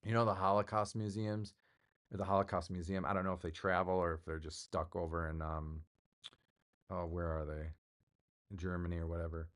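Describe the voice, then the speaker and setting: Middle-aged man, low-set voice, loose chatty livestream host, drifts between jokes and asides. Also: level tone, normal speed, fairly bright tone. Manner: rambling, jokey, chatty with chat readers. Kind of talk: casual livestream chat.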